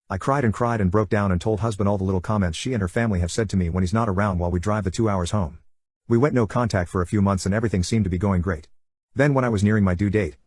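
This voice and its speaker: A man narrating internet stories in a calm, scripted storytelling voice. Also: fairly low pitch, slightly rough, no room sound.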